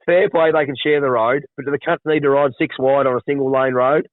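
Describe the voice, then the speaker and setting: A man's voice: mid-range voice, fairly even intonation, fairly quick, no room sound, narrow, tinny audio. An Australian man hosting a podcast, telling crude, joking stories in casual chat. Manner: crude, storytelling banter. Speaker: podcast host.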